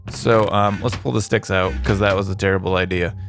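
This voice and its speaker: A man's voice: low-pitched, fairly even intonation, a little fast. A young man casually commenting on his game in a playful, goofy way, with made-up words. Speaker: gaming video host. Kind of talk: casual let's-play commentary. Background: soft guitar music.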